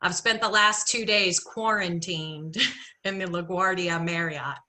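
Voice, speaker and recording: A woman performing a solo storytelling show, playful and animated, with conversational asides to the audience. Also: on the low side, measured pace. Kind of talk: theatrical storytelling monologue.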